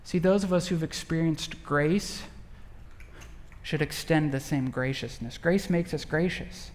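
A man's voice: a little high, unhurried, big-room sound, slight background noise. A male pastor preaching a sermon in a conversational way, full of rhetorical questions.

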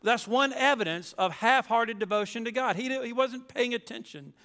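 A man's voice: very high voice, moderate pace, a bit bright, in a large hall. A man preaching a sermon as pastor, reading scripture aloud and then driving his points home with emphatic asides.

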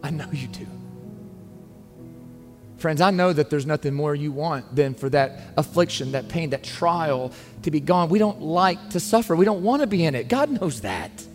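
A man's voice: on the high side, lively intonation, moderate pace, few pauses. A man preaching a sermon as pastor, earnest and emphatic, pleading with his listeners. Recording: long reverb, faint music underneath.

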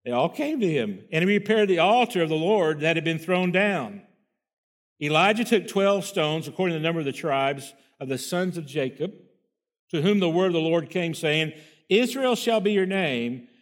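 Man, pastor, sermon, reads scripture aloud, folksy rhetorical asides, slightly high voice. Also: expressive, moderate pace. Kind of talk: sermon, reading and explaining scripture.

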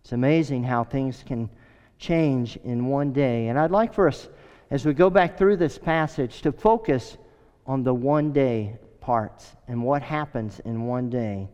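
A middle-aged man preaching a sermon with earnest, emphatic storytelling and a smooth, resonant voice. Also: mid-range voice, unhurried, a little mellow. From United States. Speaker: pastor. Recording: echoey hall, dull sound.

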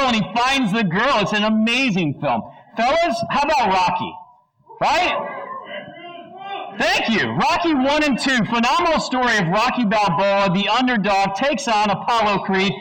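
A man preaching a sermon to a congregation, animated and chatty, asking the audience questions and slipping into quick movie-line impressions. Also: sits high, low-quality recording.

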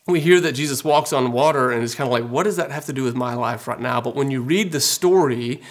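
A man delivers a sermon in a relaxed, conversational tone. He is earnest and talks plainly to his listeners, with frequent filler words. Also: mid-range voice, fairly quick. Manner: conversational, earnest, many fillers like "you know". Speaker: pastor.

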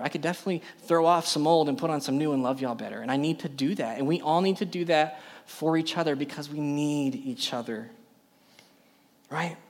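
Emphatic preaching Texan man. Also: fairly high pitch. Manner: emphatic preaching with rhetorical questions to the audience. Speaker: youth pastor. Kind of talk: sermon.

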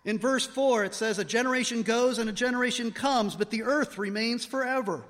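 A man's voice: very high-pitched, fairly quick, fairly bright tone. A man preaching an expository sermon, explaining word meanings and asking rhetorical questions. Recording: long hall reverb.

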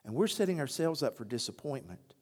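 A pastor with a brisk, slightly rough mid-range voice preaches a sermon, his words trailing into a long reverb. He tells stories animatedly, acting out the voices of the people in them.

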